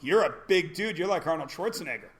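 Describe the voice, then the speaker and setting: A man's voice: fairly high pitch, expressive, fast, fairly bright tone. A man teaching a classroom lesson, joking and quizzing his students as he goes. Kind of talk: classroom lecture.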